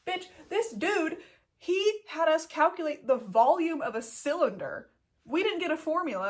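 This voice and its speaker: A young woman telling a story as a vet student in a casual vlog, blunt, self-mocking and full of swearing. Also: high-pitched. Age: young adult.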